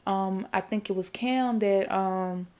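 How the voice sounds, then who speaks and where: A woman's voice: medium pitch, slow pace, darkish tone. Woman rambling through a casual movie recap. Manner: rambling and profane, with repeated fillers; talks straight to the audience. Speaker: podcast host.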